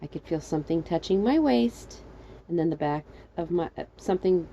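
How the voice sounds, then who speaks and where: A woman narrating her own comedic fan fiction story in a wry, animated way. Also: normal speed, creaky, dull audio, slight background noise. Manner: wry, animated, jumping high for quoted lines.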